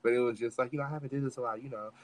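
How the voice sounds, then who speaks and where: A man's voice: medium pitch, steady tone, rapid-fire, a little mellow. A young man telling a story in casual chat, dramatic and acting out every quote. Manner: dramatic, acts out the quotes, swears freely. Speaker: podcast co-host telling a story.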